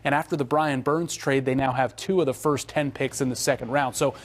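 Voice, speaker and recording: A man reading a scripted sports news report in a crisp, even delivery. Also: mid-range voice, fairly quick.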